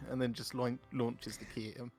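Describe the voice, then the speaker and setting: A man's voice: medium pitch, level tone, brisk, a little mellow, breathy edge, faint music behind. A man playing a tabletop game, describing his character's actions in rambling bursts with restarts. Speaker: player.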